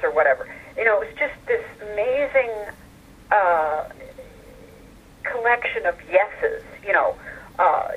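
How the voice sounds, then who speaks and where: Over a tinny phone line, an older woman appears as a guest in an interview, recounting stories from her childhood. Her voice sits on the high side with a breathy edge, animated and moderately paced, and she chats warmly with laughs and many fillers.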